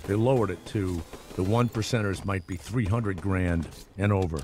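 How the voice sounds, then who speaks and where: A man's voice: low voice, moderate pace, darkish tone, slight background noise. A middle-aged man hosting a morning radio show, rambling and sarcastic, with lots of restarts and asides.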